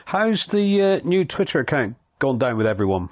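A man hosting a local radio show, asking questions in a relaxed way and prompting with short "right"s. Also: medium pitch, moderate pace, dry recording, highs cut off. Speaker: radio host. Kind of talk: casual radio interview.

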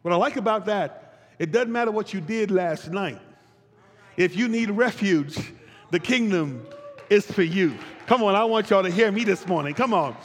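A male pastor preaching a sermon with rhythmic repetition and call-and-response, building from quiet teaching to shouted peaks. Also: high-pitched, animated, moderate pace. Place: church service. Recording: long hall reverb.

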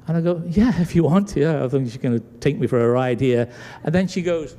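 A British pastor preaches a sermon in a church sanctuary, animatedly voicing the characters in his story. His voice is fairly high and quick, with few pauses, and the hall gives a long reverb.

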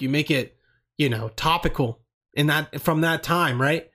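A young man talks on his own in a loose, rambling way, swearing freely and restarting his sentences. His voice sits a little higher than most men's. He sounds relaxed and chatty. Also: measured pace. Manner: rambling, profane, laid-back. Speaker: vlogger answering questions. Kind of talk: casual monologue.

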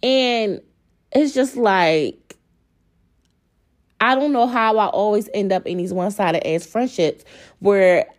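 A young woman talks straight to her listeners in a casual podcast monologue. She is blunt and profane and keeps calling out to "y'all" as she gets heated. Her pitch sits in an ordinary middle range for a woman. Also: unhurried. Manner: candid, profane, worked up, addresses listeners as y'all. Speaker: podcast host.

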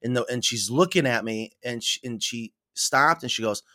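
Middle-aged man, from New York State, podcast guest, animated storytelling, quotes voices, medium pitch. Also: normal speed. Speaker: podcast guest, coop builder. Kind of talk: casual storytelling interview.

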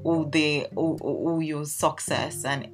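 A woman's voice: deep voice, fairly even intonation, takes it slowly. A Nigerian woman, around her twenties or thirties, talking frankly and casually on her own podcast with plenty of ums. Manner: frank, chatty, lots of ums. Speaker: podcast host. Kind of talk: casual personal monologue. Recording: guitar music playing behind.

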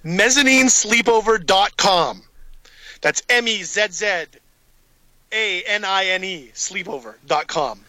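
A man's voice: sits high, lively intonation, slow, sharp tone, low-quality recording. A man co-hosting a podcast, reading out facts with playful asides in casual chat. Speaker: podcast co-host.

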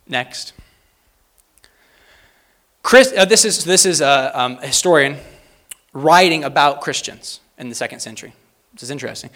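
A man preaching a sermon, reading quotes aloud with rising emphasis and pausing to talk plainly to the congregation. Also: mid-range voice, fairly bright tone. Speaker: pastor.

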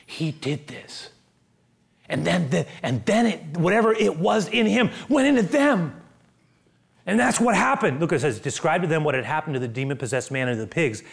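A pastor preaches a sermon in a voice on the high side, with lively intonation, a brisk pace, and vocal fry. He repeats words and acts out the people in the story, swinging between loud exclamations and hushed near-whispers.

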